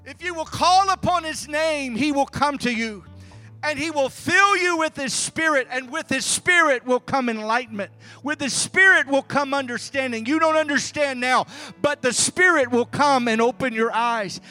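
A pastor preaches a sermon with an extremely high-pitched voice over soft background music, fervently telling a testimony full of hallelujahs and amens. In calmer stretches he stumbles into halting, repeated words.

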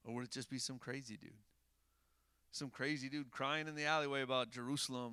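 A man preaching a sermon in a casual, animated way, rising to loud emphasis and dropping to hushed tones. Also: mid-range voice, a little fast, clean tone, no echo.

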